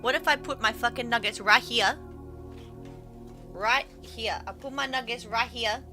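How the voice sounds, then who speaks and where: A woman with a fairly high, unhurried voice streams games, chatting playfully, cooing at her cat, and reading game text aloud dramatically. Faint stream music plays in the background.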